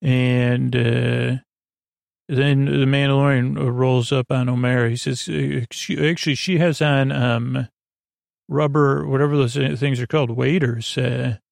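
Gravelly, monotone man recapping an episode. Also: mid-range voice, dry recording, clean studio sound. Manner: rambling, unhurried, lots of fillers. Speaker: podcast host. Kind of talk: sleepy bedtime episode recap.

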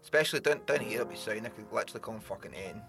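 A man's voice: lowish voice, very fast, gravelly, a bit bright, faint music behind. A man co-hosting a casual podcast, joking, swearing freely and laughing often. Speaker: podcast co-host.

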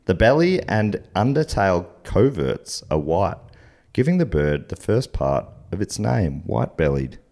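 A man's voice: deep voice, sing-song, a little slow, creaky, dark tone. An Australian man hosting a comedy quiz podcast, reading out questions and facts and riffing playfully between them. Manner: playful, reads facts aloud then riffs and laughs. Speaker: game show host.

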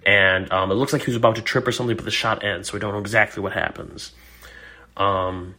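A man's voice: on the low side, fairly even intonation, fast, sharp tone. A man hosting a solo podcast, talking in an earnest, encouraging and wry way. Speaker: podcast host. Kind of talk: casual solo podcast commentary.

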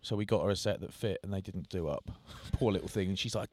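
A man's voice: low-pitched, fast, darkish tone, slight background noise. A middle-aged man co-hosting a podcast, telling self-mocking stories in casual chat. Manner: jokey storytelling, self-mocking. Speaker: podcast co-host.

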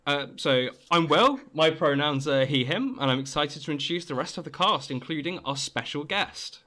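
A man's voice: fairly high pitch, expressive, moderate pace, bright, forceful tone. A man hosting a tabletop game podcast as game master, chatty with stumbling restarts. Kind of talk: podcast introduction and housekeeping.

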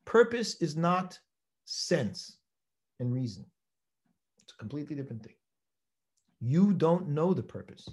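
Animated, emphatic male Torah teacher. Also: a little high, a little slow, pauses often. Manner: animated, emphatic, rhetorical questions, quotes Hebrew texts. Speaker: rabbi teaching a class. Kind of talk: Torah lecture.

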